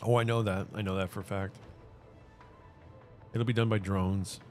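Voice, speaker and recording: A man's voice: lowish voice, little pitch movement, normal speed, a little mellow, faint music behind. A man streaming, telling a personal story in an earnest, rambling way with many restarts and repeated words. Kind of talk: casual livestream chat.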